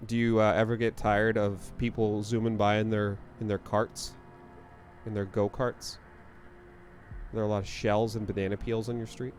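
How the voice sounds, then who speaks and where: A man's voice: fairly low pitch, flat delivery, moderate pace, a little hiss or hum. A man streaming a video game live, chatting casually in a jokey, rambling way. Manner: jokey, rambling, laughs at his own quips.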